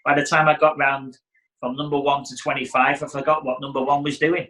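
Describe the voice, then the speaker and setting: A man's voice: mid-range voice, level tone, brisk, pushed and bright, rough recording. A middle-aged man, a hairdressing educator giving a casual teaching talk and acting out client exchanges. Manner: chatty, acts out client dialogue.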